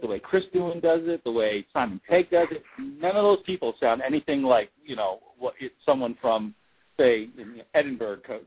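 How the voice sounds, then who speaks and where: A man's voice: medium pitch, a little mellow, breathy edge, low-quality recording. A man being interviewed, telling a long story casually with many fillers and restarts. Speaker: interview guest, fan-series actor.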